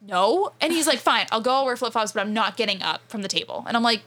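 A young woman telling a story in a casual chat, with animated delivery and many "like" fillers. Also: a little high. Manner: animated, fast, frequent "like" fillers, laughing as she tells it.

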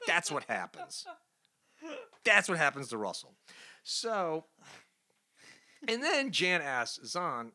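Sarcastic podcast host, bright lively voice. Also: male voice, on the high side, slow, long pauses. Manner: sarcastic, mocking recap; rhetorical questioning. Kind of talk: casual comic book review chat.

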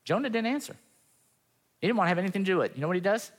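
A man's voice: sits high, expressive, rapid-fire. A pastor giving a sermon in an earnest, conversational way, acting out the quotes he tells. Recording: long reverb of a hall.

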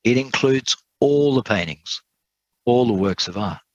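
A man's voice: medium pitch, animated, unhurried, no echo, dull audio. A man voicing a persistent male auctioneer who keeps repeating his call for bids. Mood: solemn.

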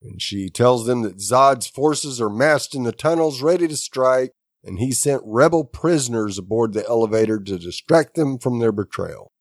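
Male podcast co-host, steady recap voice, dry close recording. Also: mid-range voice, moderate pace, dry recording. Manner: steady plot summary with short agreeing replies. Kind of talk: casual chat.

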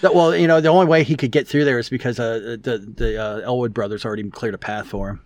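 A man's voice: medium pitch, fast, darkish tone, no room sound. A man co-hosting a podcast, recapping a story in casual chat, rambling with lots of fillers and restarts. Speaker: podcast co-host.

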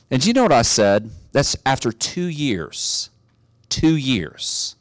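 A middle-aged man preaching a sermon, telling a story in a relaxed way and building to emphatic exhortation. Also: medium pitch, takes it slowly, no room sound. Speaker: pastor.

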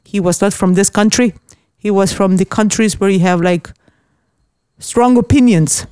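A woman's voice: mid-range voice, moderate pace, clean tone, dry recording, studio quality. Blunt, swearing woman from Austria telling stories. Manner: blunt, swears freely, animated storytelling. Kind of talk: casual chat.

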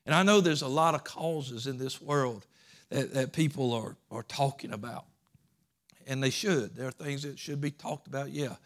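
Georgia Southern preacher with folksy delivery. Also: male voice, medium pitch, moderate pace. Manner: folksy, earnest, repeats words. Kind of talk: sermon.

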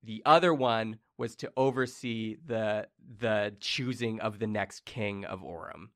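Young man narrating a tabletop game, bright. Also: fairly low pitch, measured pace. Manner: casual, rambling, many fillers. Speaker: game master.

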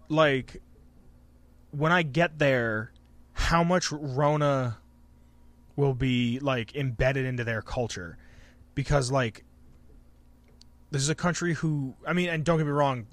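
A man's voice: mid-range voice, a bit bright. A man hosting a podcast in casual chat, rambling and swearing freely. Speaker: podcast host.

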